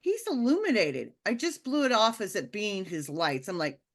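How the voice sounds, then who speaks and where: A woman telling a personal story in a casual, animated way, with lots of fillers and restarts. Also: medium pitch, moderate pace. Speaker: speaker sharing a personal testimony.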